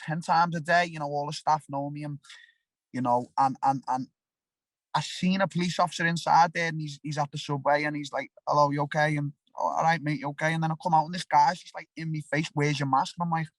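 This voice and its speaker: A man's voice: fairly high pitch, steady tone, brisk, dry recording. A young man with a Liverpool accent, a fighter talking bluntly and animatedly in an interview, often restarting his sentences. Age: young adult. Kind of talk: casual interview talk.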